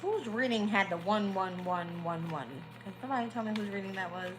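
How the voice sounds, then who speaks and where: A woman's voice: medium pitch, fairly quick, over music, low-quality recording. A woman giving a casual live-stream tarot reading, talking bluntly and swearing freely. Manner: blunt, profane, candid. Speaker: tarot reader.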